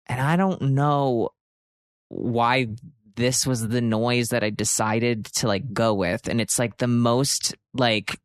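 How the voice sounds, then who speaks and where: A man from Pennsylvania, likely in his thirties, hosting a podcast and telling a story in an animated way, with sudden jumps into exaggerated quotes. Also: medium pitch, slow, no echo, clean studio sound. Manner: expressive, swearing, jumps into shouted quotes. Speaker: podcast host.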